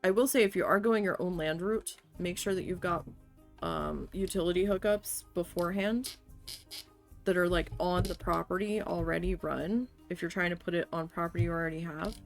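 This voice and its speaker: A woman's voice: lowish voice, steady tone, moderate pace, soft background music. A woman streamer telling a story in casual chat while she plays, blunt and swearing often. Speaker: game streamer.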